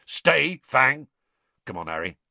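A man's voice: medium pitch, sing-song, takes it slowly, gravelly, sharp tone, no room sound, pitched above the performer's own voice, heavily acted. A man doing Hagrid, a growling hot-tempered giant. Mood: gruff. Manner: growling, blunt and indignant. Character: gruff giant male gamekeeper, hot-tempered.

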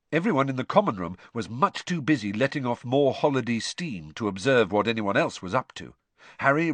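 A man narrating an audiobook in an expressive storytelling manner. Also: on the low side, no echo. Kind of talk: scripted narration.

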